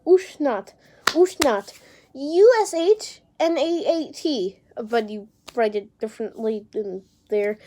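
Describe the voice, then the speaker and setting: A woman's voice: fairly high pitch, slow pace, mellow. A young woman talking casually to camera, rambling and unsure, with casual swearing and lots of fillers. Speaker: vlogger.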